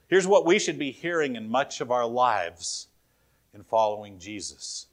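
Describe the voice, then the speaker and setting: A man's voice: mid-range voice, normal speed, fairly bright tone. A man preaching a sermon in a conversational way, often asking his listeners questions. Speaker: pastor.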